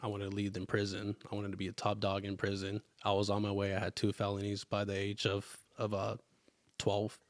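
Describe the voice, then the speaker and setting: A young man hosting a podcast, telling his life story in an earnest, halting way that turns emotional. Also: fairly low pitch, monotone, no room sound, studio quality. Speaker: podcast host. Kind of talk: casual chat.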